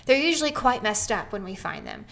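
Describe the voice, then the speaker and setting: An earnest woman in her thirties tells a personal story on a podcast. Her voice sits a little high and gets animated as she goes, and she often breaks into laughter. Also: fairly quick, creaky.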